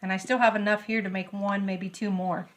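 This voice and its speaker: A woman's voice: mid-range voice, a little fast. Bubbly woman cooking at home. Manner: bubbly, gushing, easily excited. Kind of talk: casual cooking demonstration. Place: home kitchen.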